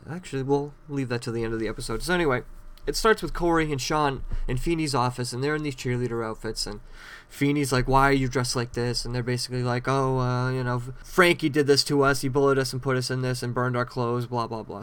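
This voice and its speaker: A man's voice: mid-range voice, a bit bright, clear, resonant tone. A man hosting a podcast on his own, recapping a TV episode in a rambling, chatty way with frequent self-corrections. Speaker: podcast host.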